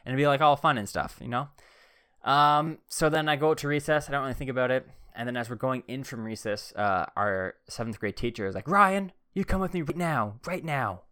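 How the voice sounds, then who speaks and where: A man's voice: medium pitch, fairly even intonation, fairly quick, a bit bright, smooth, dry recording, studio quality. Laid-back rambling man telling stories. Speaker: vlogger. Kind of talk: casual storytelling.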